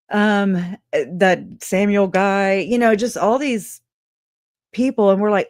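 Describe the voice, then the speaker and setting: A woman hosting a casual true crime livestream, animated and sarcastic, laughing often and swearing freely. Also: mid-range voice, slow pace, pauses often, dry recording, clean studio sound.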